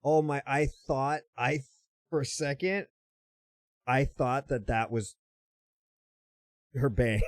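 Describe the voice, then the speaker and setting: A man's voice: mid-range voice, steady tone, very slow, long pauses, dry recording. A man hosting a casual reaction video, teasing and chuckling at what he watches.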